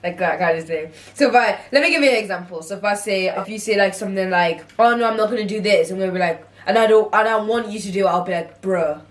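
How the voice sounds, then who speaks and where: A woman's voice: medium pitch, fast talker, few pauses, far from the mic. A young British woman, a daughter co-hosting, talking casually with giggles and hesitant fillers. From Britain. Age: teens or young adult. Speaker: daughter co-host. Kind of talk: casual vlog chat. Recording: echoey room, off-mic.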